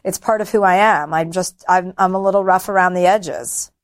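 A woman's voice: fairly low pitch, steady tone, moderate pace. A middle-aged woman, a comedian and former talk show host, talking bluntly and openly about her feelings in an interview, often poking fun at herself. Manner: blunt, self-deprecating, open about feelings. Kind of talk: candid interview conversation.

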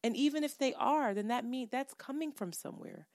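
A woman co-hosting a podcast, telling a story in casual, animated, profane chat that builds to heat. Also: sits high, a little fast, no room sound, clean studio sound. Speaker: podcast co-host.

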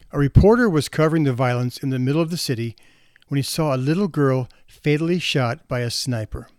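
A man hosting a podcast, telling stories in an earnest, measured way and reading aloud with pauses. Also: mid-range voice, darkish tone, dry recording, clean studio sound. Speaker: podcast host. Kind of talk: reflective storytelling monologue.

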